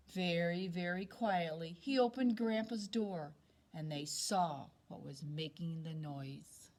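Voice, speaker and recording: A second-grade teacher reads a picture book aloud to kids, her fairly low voice slow, expressive and dramatic. There's slight background noise.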